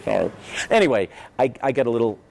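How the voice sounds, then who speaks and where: A man's voice: medium pitch, lively intonation, fast talker, creaky, darkish tone, a little hiss or hum. A man speaking as a guest at a business event, telling stories in a sarcastic, rambling way with frequent profanity and tag questions. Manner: sarcastic, rambling, profane, peppered with "right?" and "you know". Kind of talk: animated conversational storytelling.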